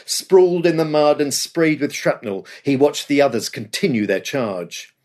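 A man's voice: fairly high pitch, normal speed, a little mellow. A man reading scripted history narration with a dramatic storytelling delivery. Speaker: podcast host.

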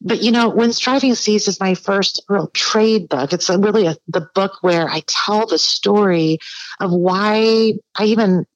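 A woman's voice: medium pitch, unhurried, dry recording. Earnest woman in her 40s, from taiwan, keeps restarting, kinda dull lo-fi dry sound. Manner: earnest, encouraging, with frequent restarts. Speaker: guest author. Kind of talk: conversational interview.

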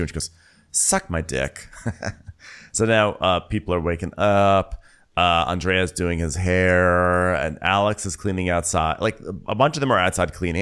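A man's voice: sits low, clear, resonant tone. A man co-hosting a podcast, chatting casually over a video call, laughing often and acting out scenes. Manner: animated, laughs a lot, acts out cast members. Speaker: podcast co-host. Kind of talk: casual recap chat. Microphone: remote video call.

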